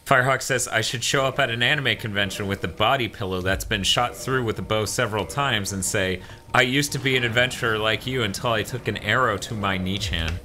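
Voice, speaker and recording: A man's voice: fairly low pitch, fairly quick, sharp tone, faint music behind. A man co-hosting a casual gaming stream, reading viewer messages aloud and adding joking asides. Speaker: stream co-host reading chat.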